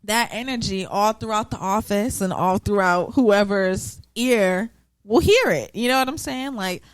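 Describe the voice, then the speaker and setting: A woman in casual podcast talk, speaking at a middle pitch, blunt and emphatic. The recording is dry and close to the mic. She drops curse words without hesitation. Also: a little slow, clean tone, dry recording. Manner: blunt and emphatic, swears freely. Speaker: podcast co-host. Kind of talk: casual chat.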